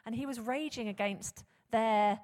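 Woman, preacher, sermon, lively and chatty, rhetorical questions, higher voice, echoing hall. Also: measured pace. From England. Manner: animated, laughs often, rhetorical questions. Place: church hall. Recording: long hall reverb.

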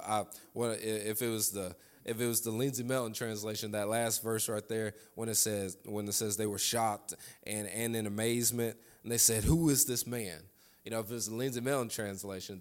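A man's voice: on the low side, fairly even intonation, a little fast. A man preaching a sermon, repeating his lines for emphasis and calling on the congregation to answer back. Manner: fervent call-and-response preaching, repeats phrases.

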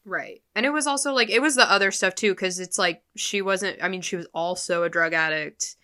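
A woman's voice: on the low side, brisk, bright, forceful tone. A woman co-hosting a podcast, chatting casually and emphatically about a TV show with strong opinions. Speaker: podcast co-host. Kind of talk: casual recap chat.

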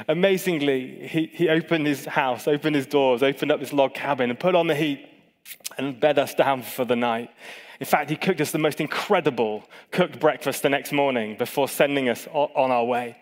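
A man's voice: mid-range voice, moderate pace. A middle-aged British man giving a sermon as a pastor, telling a personal story in a conversational, self-deprecating way. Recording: long reverb of a large hall.

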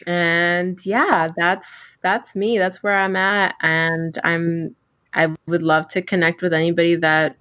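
Low-voiced earnest woman healer. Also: little pitch movement, a bit bright, no echo, lo-fi sound. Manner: earnest, laughs often, halting restarts. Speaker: guest, healer. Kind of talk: casual interview chat.

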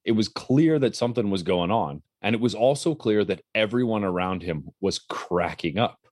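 A man in his thirties with a low, deep voice tells a story with animation on a casual talk show. The sound is dry and close, with no room around it. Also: moderate pace, no echo. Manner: animated storyteller, acts out quotes. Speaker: podcast co-host and color commentator.

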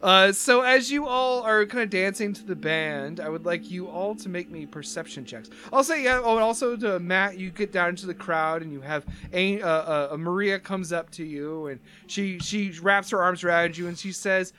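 A man narrating a tabletop game as game master, halting with many fillers. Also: sits high, sharp tone.

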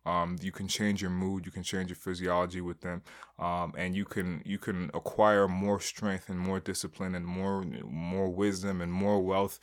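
A young man with a deep, low-pitched voice talks casually about his week. He rambles, stops and restarts often, and fills the gaps with "um" and "like". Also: little pitch movement, moderate pace. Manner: rambling, many fillers and restarts. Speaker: aspiring entrepreneur vlogger. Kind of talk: casual spoken diary.

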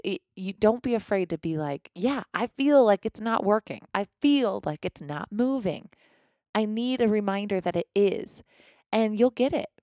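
A woman's voice: lowish voice, a little mellow, no room sound, studio quality. A woman coaching on fitness and nutrition in a motivational podcast monologue, talking earnestly and conversationally with frequent restarts and the odd swear word. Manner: occasional swearing.

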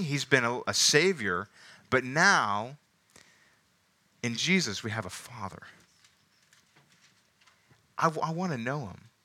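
Male pastor preaching a sermon, very bright, forceful tone, chatty asides. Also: mid-range voice. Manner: emphatic, rising and falling with slowed stresses; casual asides amid scripture reading.

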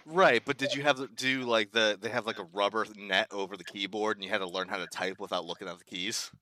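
A man's voice: fairly low pitch, fairly even intonation, quick pace, bright, forceful tone, dry recording. A young man hosting a casual podcast, swearing often and laughing a lot. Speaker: podcast host.

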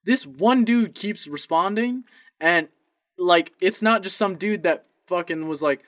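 A young man co-hosting a casual podcast, telling a story in an animated way, swearing and laughing often. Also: high-pitched, unhurried, no echo. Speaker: podcast co-host.

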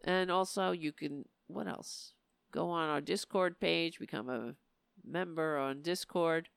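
A woman hosting a live political talk stream, speaking in impassioned, emphatic bursts and sounding a little hoarse. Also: low-pitched, unhurried, no echo. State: losing her voice. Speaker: political talk show host.

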